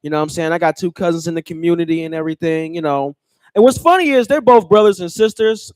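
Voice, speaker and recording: Stand-up comic, dry close sound. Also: male voice, a little high, fast talker, clean tone, no echo. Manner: loose, joking, addresses the crowd. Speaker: stand-up comedian. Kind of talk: stand-up set.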